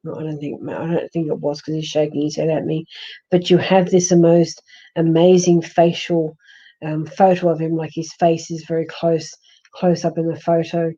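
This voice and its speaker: A woman with an Australian accent, a husky voice and a fading, hoarse throat, gently consoling a viewer in a live-stream psychic reading with many restarts. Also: deep voice, little pitch movement, moderate pace, dull audio. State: hoarse, losing her voice. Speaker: psychic medium.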